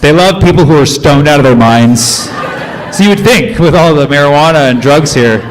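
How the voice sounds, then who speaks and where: A man's voice: a little high, normal speed, a little hiss or hum. A man doing live stand-up crowd work on stage, quizzing the audience and correcting himself mid-sentence. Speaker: stand-up comedian. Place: comedy club stage. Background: audience laughter and room murmur.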